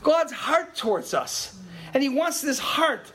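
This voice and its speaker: An older man preaching a sermon to his congregation, telling stories with chatty asides and frequent laughs, dropping to murmurs and rising to loud exclaims. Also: slow. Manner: animated storytelling, swings from low murmurs to loud exclaims. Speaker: pastor.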